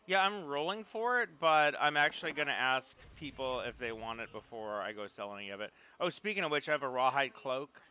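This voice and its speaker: A man's voice: medium pitch, animated, brisk, hardly any pauses, sharp tone, clear, resonant tone. A man on a headset, talking easygoingly and offhand while sharing out loot in an online game. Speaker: player handing out loot. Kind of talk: casual voice chat while gaming.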